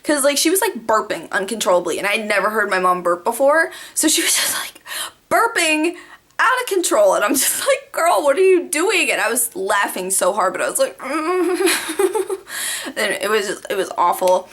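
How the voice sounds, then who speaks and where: A young woman vlogging casually, telling stories to the camera with lots of "like" fillers and animated asides. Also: medium pitch, normal speed. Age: young adult. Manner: chatty, animated, many "like" fillers.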